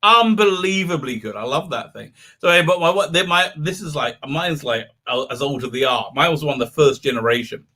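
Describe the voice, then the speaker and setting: Rambling man with a sharp, bright voice. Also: fairly high pitch, lively intonation, fairly quick, hardly any pauses. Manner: rambling, with frequent restarts; laughs between words. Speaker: livestream host. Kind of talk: casual livestream chat.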